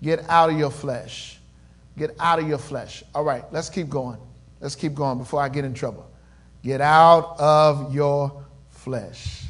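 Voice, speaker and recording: A man preaching a sermon in call-and-response style, swinging between loud swells and quiet murmurs. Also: fairly high pitch, fairly even intonation, measured pace. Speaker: pastor.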